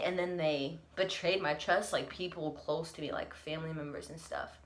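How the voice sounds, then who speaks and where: Young female vlogger, lowish voice, earnest confessional talk, near tears. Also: fairly even intonation, normal speed, hardly any pauses. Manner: earnest, reflective, laughs through emotion. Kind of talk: candid confessional vlog.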